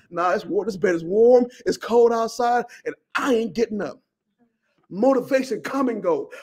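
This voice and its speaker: High, husky male preacher, fiery and impassioned, shouting at times. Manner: impassioned, shouts and speaks in tongues. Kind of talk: fiery sermon.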